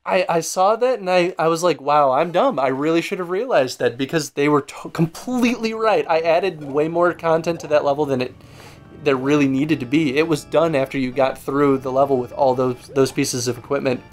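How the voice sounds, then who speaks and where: A man's voice: a little high, normal speed, faint music behind. A man co-hosting a let's play, musing at length and critiquing his own work. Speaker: co-host game developer.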